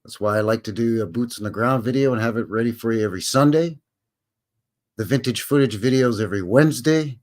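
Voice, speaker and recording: A man's voice: medium pitch, a little fast. A man in his fifties hosting a casual live stream from home, chatting to viewers in a folksy, rambling way. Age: 50s.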